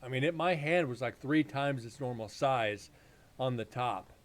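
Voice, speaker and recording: A man's voice: mid-range voice, moderate pace. A man hosting a live paranormal stream, telling rambling, profane stories in casual chat.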